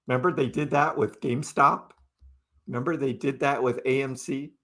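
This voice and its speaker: A man's voice: medium pitch, steady tone, normal speed, pushed and bright. Laid-back man hosting a crypto live stream. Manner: chatty and laid-back, laughs often, talks to chat by name. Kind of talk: casual live stream chat, reading viewer comments.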